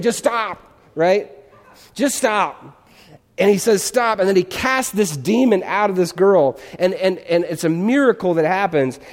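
A man's voice: high voice, darkish tone. A male pastor giving a conversational sermon in a church, often checking in with his listeners. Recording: long hall reverb.

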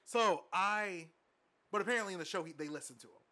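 A man's voice: sits high, fairly quick, bright, forceful tone. A man co-hosting a podcast, talking casually with many fillers and laughs. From from outside the US. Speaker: podcast co-host. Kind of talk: casual chat.

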